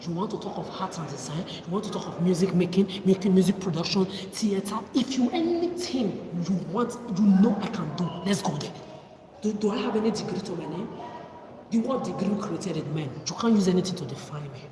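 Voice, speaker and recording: A woman's voice: on the low side, brisk, crowd noise. A woman ranting on a livestream, confrontational and accusing, firing off rhetorical questions. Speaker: livestream host. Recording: echoey room from far off with loud background noise.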